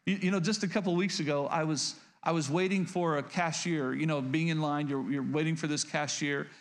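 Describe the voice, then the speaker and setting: A man's voice: fairly high pitch, steady tone, a little fast. A man preaching a sermon as pastor, speaking earnestly and confessionally, often restarting and asking the congregation questions.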